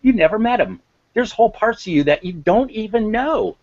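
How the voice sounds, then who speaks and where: A man's voice: high-pitched, animated, moderate pace, darkish tone, no echo, lo-fi sound. A man speaking as an interview guest on emotional intelligence, impassioned and emphatic, repeating words for stress. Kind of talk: interview talk.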